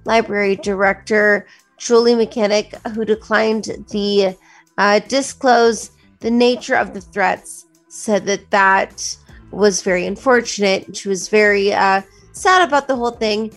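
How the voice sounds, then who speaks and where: A woman's voice: medium pitch, fairly even intonation, unhurried, soft background music. A woman co-hosting a morning show, chatting in a gushing way, laughing often, and reading the news. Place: broadcast studio.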